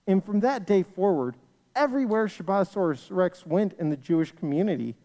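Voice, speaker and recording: An animated storyteller tells a children's tale in a sing-song way. The voice is mellow and swoops widely in pitch. It rings out with the long reverb of a large sanctuary. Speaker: storyteller at a congregation livestream. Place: synagogue sanctuary.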